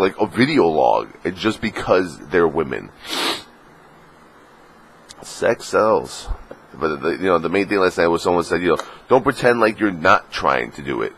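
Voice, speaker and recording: A man's voice: deep voice, fairly bright tone, a little hiss or hum. A man vlogging casually, joking crudely and rambling with lots of fillers, a little sniffly in the morning. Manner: crude, joking, full of fillers, slips into mocking put-on voices. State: sniffly, just woke up. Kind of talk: casual vlog rant.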